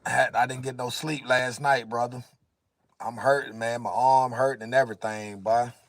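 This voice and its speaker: A man's voice: mid-range voice, steady tone, moderate pace. A tired, tearful man talking casually to viewers on a livestream from inside his car, worn out and weary. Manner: tired, weary slang-heavy talk. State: exhausted, tearful.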